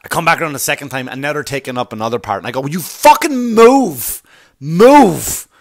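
A man's voice: mid-range voice, very fast, pushed and bright, no room sound, studio quality. A man hosting a comedy podcast, telling a story as a profane, exasperated rant with asides to his listeners. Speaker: podcast host.

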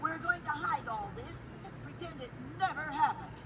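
Atta, an earnest young ant princess from an animated film. Her high voice swings widely as she speaks in a tense, emphatic way. The audio is distant, with heavy background noise. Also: normal speed, a crowd in the background. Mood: firm.

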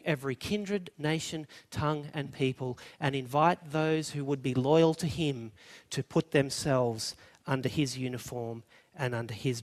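A middle-aged Australian man preaching a sermon, telling stories and building to emphatic declarations. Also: fairly high pitch. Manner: storytelling, rising to emphatic declaration.

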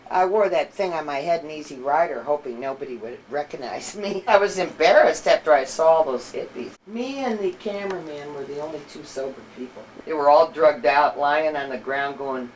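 Blunt, salty older woman with a low voice. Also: lively intonation, normal speed, few pauses. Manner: blunt, salty, laughs through her stories. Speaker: interviewee recalling her acting career. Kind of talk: candid anecdotal storytelling. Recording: distant mic with faint background noise.

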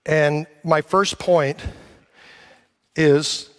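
A man's voice: fairly high pitch, fairly even intonation, drawn-out words. A man preaching a sermon to his church, rambling and self-deprecating, then rising to emphatic calls for a response. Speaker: pastor. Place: church sanctuary.

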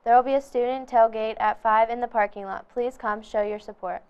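A teenage girl reads the school announcements in a fairly high, clear voice. She keeps to the script with a few small slips. The recording sounds dull and muffled. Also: fairly even intonation, brisk, a little mellow. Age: teens. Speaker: student announcer.

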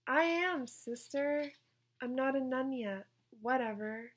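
A woman's voice: high voice, slow. A woman doing a sultry gossipy showgirl. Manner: sultry, breezy.

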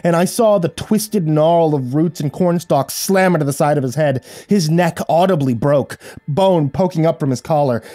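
A man tells a horror tale in first person, his voice dark and mellow. The delivery is measured and dramatic, close and dry with no room sound. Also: on the high side, no echo. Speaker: horror story narrator.

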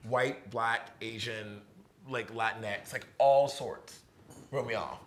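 A young man from Virginia, a playwright talking as a guest in a casual onstage conversation in a barn. He is animated, says "like" a lot, and acts out the voices of people he quotes. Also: on the low side, takes it slowly. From Virginia, USA. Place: historic barn, live event.

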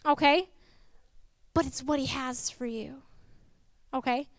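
Young woman preacher with a high voice, dry close-miked sound, lively and personal. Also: slow pace, no echo. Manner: lively and personal, tells stories with laughs and asides. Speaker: guest preacher. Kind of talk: sermon.

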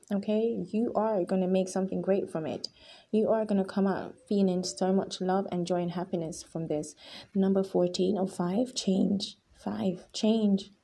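A woman leads a pick-a-card tarot reading with a mellow, husky voice that often drops into gravelly fry. She talks earnestly and emotionally, and hammers her points home by repeating them. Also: mid-range voice. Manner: emphatic and repetitive, often addressing viewers as guys. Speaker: tarot reader.

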